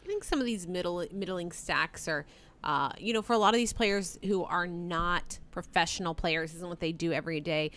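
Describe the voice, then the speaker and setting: A woman co-hosting a live poker stream, chatty and quick to laugh, reading payouts and thanking viewers. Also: fairly low pitch, a bit bright. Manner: chatty, laughs easily, reads out viewer names. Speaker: poker co-commentator.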